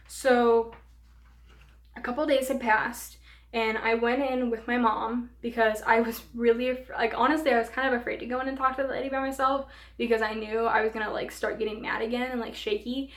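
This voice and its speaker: A young woman recounts a work story in an animated vlog style and peppers it with fillers. Her voice sits a touch high, and the room around her is echoey. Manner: animated, filler-heavy retelling. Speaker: vlogger. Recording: roomy room echo.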